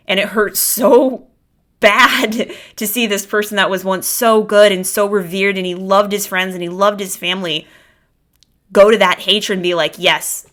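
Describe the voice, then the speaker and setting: A young woman talks on her own podcast with a bright, forward tone that sits a little low in pitch. She gushes and rambles, often circling back and restarting her thoughts as she reacts. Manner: gushing and animated, rambling with frequent restarts. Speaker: podcast host reacting to a show. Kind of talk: casual solo reaction commentary.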